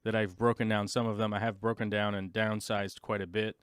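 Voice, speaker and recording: Smooth-voiced man hosting a casual livestream. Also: on the low side, flat delivery, brisk, no room sound, studio quality. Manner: rambling, with many fillers and brief mimicked voices. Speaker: livestream host.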